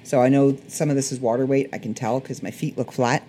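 Chatty Canadian woman, slightly hoarse. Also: rumbling low, steady tone, brisk, warm tone, slight background noise. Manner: rambling, chatty, self-correcting. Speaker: podcast host. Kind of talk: casual solo chat.

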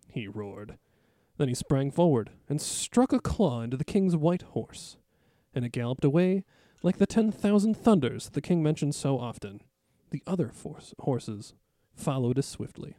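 A man co-hosting a book podcast, reading a story excerpt with dramatic, animated delivery. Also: medium pitch, moderate pace, no room sound, studio quality. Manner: animated reader who shouts out characters' lines.

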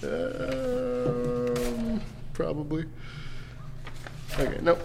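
A man's voice: extremely high pitch, animated, drawn-out words, gravelly, noisy background. A man narrating a tabletop game as game master, casual and laughing, with lots of fillers.

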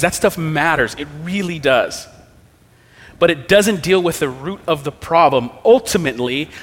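A man's voice: fairly high pitch, a bit bright. A man preaching a sermon as pastor, earnest and emphatic, his volume rising and dropping for effect. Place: church sanctuary. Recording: long reverb of a church hall.

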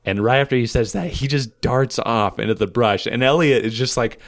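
A man's voice: medium pitch, a little fast, no room sound, clean studio sound. A man casually telling a history story as a podcast co-host, laughing often and reading old quotes aloud.

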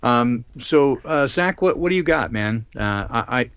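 A man's voice: mid-range voice, expressive, unhurried, a bit bright, clear, resonant tone, dry recording, lo-fi sound. A man hosting a casual live-stream discussion, talking with many ums and restarts. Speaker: host.

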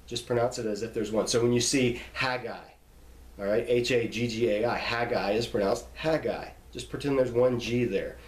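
A man's voice: medium pitch, moderate pace. A man giving an informal lesson on pronouncing biblical names, patient and given to repeating and spelling out words. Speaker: Bible teacher. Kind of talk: informal classroom lecture. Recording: echoey room.

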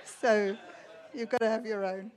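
A woman teaching at a church meeting, lively and animated, laughing easily and sinking to a soft hush when she prays. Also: mid-range voice, a little slow. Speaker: Bible teacher. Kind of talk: sermon with closing prayer.

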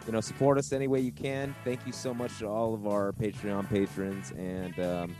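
A man's voice: fairly low pitch, little pitch movement, normal speed. Chill podcast dude, lots of you know and man, music in the back. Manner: laid-back, filler-heavy, says "man" a lot. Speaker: podcast co-host. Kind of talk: casual chat.

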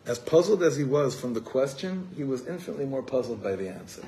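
Guy, a rabbi telling stories in a sermon, acts out the voices, mid pitch, bit of hiss behind. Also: quick pace. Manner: animated storyteller acting out quoted voices. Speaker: rabbi teaching a gathering. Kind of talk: storytelling sermon. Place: evening gathering in a room.

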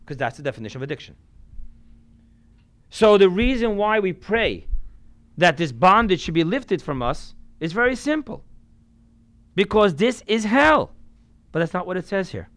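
A rabbi delivering a sermon in a smooth, resonant voice that sits a little high for a man. He preaches emphatically, swinging between loud and quiet, and drops in Yiddish and Hebrew religious terms. The sound is dry and close. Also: sing-song, normal speed, pauses often, no room sound.

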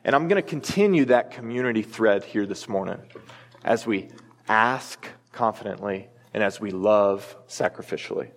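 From the pulpit of a church sanctuary, a US pastor in his thirties tells a family story to illustrate his sermon, earnest and emphatic. His voice runs on the low side at a moderate pace, and there's long reverb from the hall.

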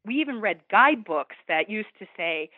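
A woman's voice: mid-range voice, expressive, moderate pace, dry recording. A Canadian woman calling in to a talk show, chatty and acting out what other people say. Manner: chatty, quotes others in voices. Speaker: caller. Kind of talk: phone call-in chat. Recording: tinny phone line.

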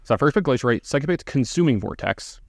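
Fast-talking man telling a rambling story. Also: medium pitch, animated, creaky, no echo, clean studio sound. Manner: rambling, filler-heavy anecdotes. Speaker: podcast co-host. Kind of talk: casual storytelling.

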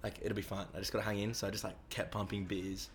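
A young man rattles through a rambling story at a fast clip, acting out the voices of the people he quotes. His voice sits fairly low and his talk is loose and full of swearing. Faint noise sits under the recording. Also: flat delivery. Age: young adult. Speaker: interviewee. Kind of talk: casual storytelling with heavy swearing.

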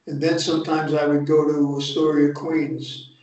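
The voice is fairly high yet darkish, level in tone and moderate in pace. It belongs to an older North Jersey man, a former undercover agent, bluntly telling profanity-laced, streetwise stories in an informal interview. Everything is captured through muffled remote audio that sounds echoey and far away.

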